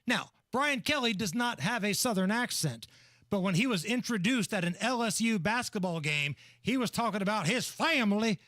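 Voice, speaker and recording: A male radio host trades blunt, mocking banter with his co-host. His voice is high and lively, recorded close and dry in a studio. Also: normal speed, dry recording. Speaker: radio talk show host. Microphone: studio microphone.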